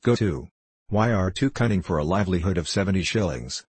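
A man's voice: low-pitched, expressive, fairly quick, darkish tone, breathy edge, no room sound. A man voicing a cool, mocking medieval knight. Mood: scheming. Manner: cool, mocking, lordly archaic speech. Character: scheming merry medieval knight, middle-aged man.

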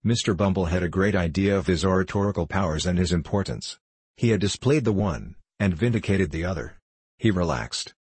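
A man narrates a classic novel in a measured, formal reading. His voice is very low and slightly husky. The sound is dry and close, with no room around it. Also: lively intonation, darkish tone, dry recording. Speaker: audiobook narrator.

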